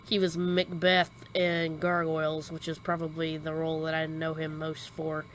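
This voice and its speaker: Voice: medium pitch, completely flat delivery, normal speed, fairly bright tone, a little hiss or hum, rough recording. A livestream host chatting casually with offhand reactive comments. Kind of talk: casual chat.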